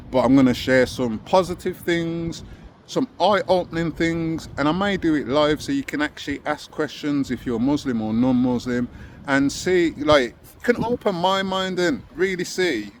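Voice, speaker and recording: A man's voice: mid-range voice, slight background noise. A young man hosting his own commentary channel, speaking impassioned and casual, firing rhetorical questions at his viewers.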